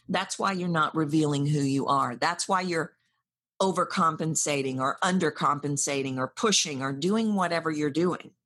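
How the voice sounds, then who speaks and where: Woman voice coach, husky and lowish, lively direct coaching talk. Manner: animated, acts out clients' anxious inner voices.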